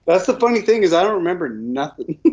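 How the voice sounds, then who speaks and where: Casting: man, high voice, swearing raconteur, slightly dull audio. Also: sing-song, fairly quick, darkish tone. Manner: profane, laughing storyteller. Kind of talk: casual chat.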